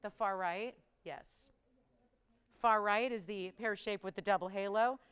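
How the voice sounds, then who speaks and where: A woman's voice: mid-range voice, a little slow, fairly bright tone, smooth. A woman hosting a live on-air jewelry shopping show, chatty and playful, laughing often and teasing the crew. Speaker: shopping channel host.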